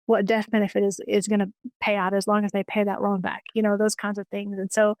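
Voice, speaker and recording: A woman's voice: medium pitch, little pitch movement, fast talker, darkish tone, no echo. A woman in her forties tells personal stories as a guest on an interview show. She is earnest and eager, often stops to restart a thought, and her mid-range voice has a close, dry sound. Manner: earnest and enthusiastic, with many restarts. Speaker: interview guest, financial educator.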